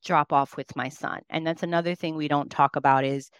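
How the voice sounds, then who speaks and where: Earnest, lower-voiced mom on a podcast. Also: female voice, steady tone, brisk, smooth, no echo, muffled recording. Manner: earnest, emotional storytelling. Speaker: podcast guest. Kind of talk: podcast conversation.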